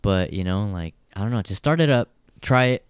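Podcast bro, eager and swearing a lot, lowish voice, dry close mic. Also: male voice, expressive, moderate pace, smooth, no echo. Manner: profane, eager, keeps interrupting. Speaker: podcast host. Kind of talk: casual chat.

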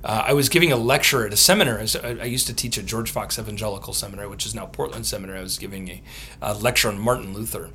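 A man, a theologian and author, answering podcast interview questions with lively storytelling, often laughing and acting out what others said. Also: fairly low pitch, very fast, slight background noise. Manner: animated, laughs often, acts out quotes.

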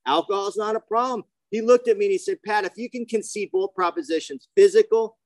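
A man who grew up near the ocean tells his recovery story at a meeting, casual and slangy, briskly switching between narration and acted-out dialogue in animated fashion. His voice is fairly high, and the recording is dry and close with no room echo.

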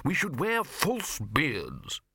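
A man's voice: on the high side, wildly swooping pitch, slow pace, creaky, bright, forceful tone, slightly rough, no echo, studio quality, pitched above the performer's own voice, exaggerated voice. A man reading an audiobook, voicing an eager, self-satisfied male wizard lecturer in a raised, chirpy voice. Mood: pleased.

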